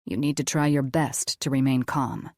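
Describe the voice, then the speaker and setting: A woman voicing a calm, gentle male doctor in an audiobook, speaking softly and steadily to reassure. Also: deep voice, moderate pace, dry recording, studio quality. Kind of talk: audiobook character voice.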